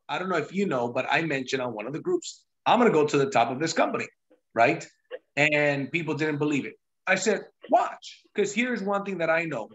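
A man's voice: a little high, fairly bright tone, highs cut off. A man hosting a sales team call, telling his own story in an emphatic, pushy, repetitive way. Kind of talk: motivational sales talk on a call.

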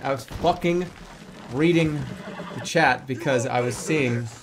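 A man streaming a video game, giving excitable live commentary and laughing often. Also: medium pitch, measured pace, noisy background.

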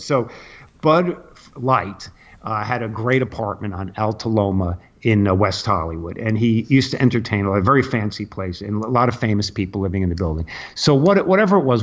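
A man's voice: on the low side, highs cut off. Rambling older man telling stories. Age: 60s. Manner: rambling, anecdotal, acts out others' lines. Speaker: comedian guest. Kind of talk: casual storytelling.

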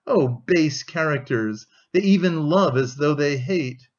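A man reading an audiobook, voicing a bitter young man who speaks gravely and dryly. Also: a little high, unhurried, dull audio, lightly acted. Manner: grave, dry, scornful.

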